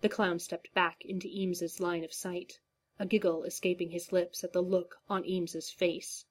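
A woman narrating a story in a measured, even storytelling manner. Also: on the low side, slightly rough. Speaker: audiobook narrator.

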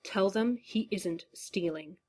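A woman voicing a menacing male creature who speaks in a low, commanding rumble, reading a story. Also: takes it slowly, a little mellow, slightly rough.

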